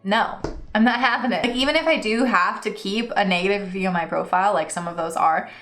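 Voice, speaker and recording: A young woman tells a ranting storytime, animated and quick to slip into mock voices for the people she quotes. Her talk rings a little off the walls of an echoey room, with faint music underneath. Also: mid-range voice. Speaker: freelance writer vlogger. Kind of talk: casual storytime rant.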